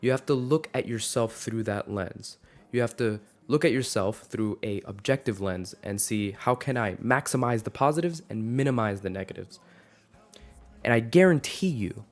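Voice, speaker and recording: Rambling young man ranting on a vlog. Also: mid-range voice. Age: 20s. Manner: rambling, many fillers and self-interruptions. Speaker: vlogger. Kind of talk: casual rant to camera.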